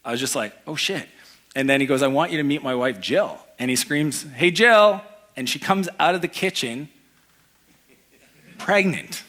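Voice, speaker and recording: A man giving an energetic motivational talk to a live audience, telling personal stories and acting out the people in them. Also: mid-range voice, normal speed. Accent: Canadian. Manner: energetic storytelling, acts out voices in anecdotes. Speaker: keynote speaker. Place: event hall before a live audience.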